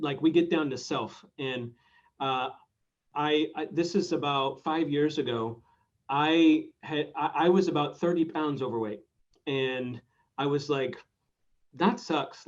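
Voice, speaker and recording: Chatty male host with a raised voice, muffled lo-fi call sound. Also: fairly high pitch. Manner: easygoing, chatty, halting. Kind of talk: casual interview chat. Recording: dull lo-fi call audio.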